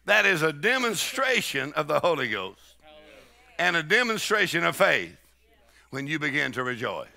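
Preacher guy, middle-aged, gravelly and bright, shouts and swoops all over the place. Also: on the high side, big pitch swings, unhurried, long pauses. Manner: shouting, exhorting, repetitive call-and-response. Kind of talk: charismatic sermon.

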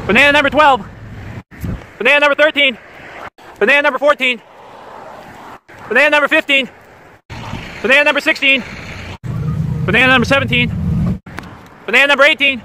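High, bright-voiced joking male vlogger. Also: a little hiss or hum. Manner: playful, rambling, jokey asides. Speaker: vlogger walking across the country. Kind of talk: goofy walking vlog. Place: roadside outdoors.

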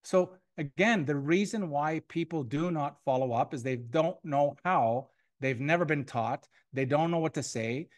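A man's voice: a little high, a little slow, few pauses. A man giving a motivational sales training to a room of people, repeating key points and acting out sample phone calls. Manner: energetic and repetitive, acts out sample phone calls. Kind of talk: motivational training talk to a live audience. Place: room with an audience.

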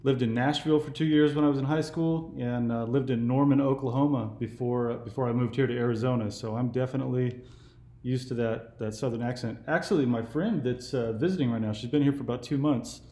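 A man in his forties, originally from California, chats in a loose, meandering way as the host of a casual call. His voice sits in a middle pitch. The recording has a noticeable room echo around it. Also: steady tone, brisk, mellow. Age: 40s. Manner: easygoing, meandering talk. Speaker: YouTube host. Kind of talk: casual phone conversation.

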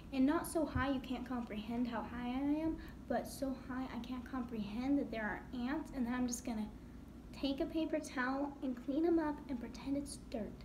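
High-voiced sleepless woman rambling tiredly. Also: noisy background. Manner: tired, weepy, rambling with frequent sighs. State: exhausted from no sleep. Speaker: vlogger. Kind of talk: rambling confessional vlog.

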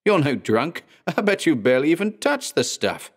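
A man voicing a paranoid man who hurls accusations, shrill and rising to a fever pitch. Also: lively intonation, moderate pace, lightly acted. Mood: accusing.

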